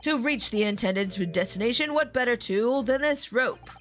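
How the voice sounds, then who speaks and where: A woman's voice: on the high side, lively intonation, normal speed, soft background music, lightly acted. A woman voicing a pompous, self-satisfied male Victorian detective with theatrical declaiming. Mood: grandiose.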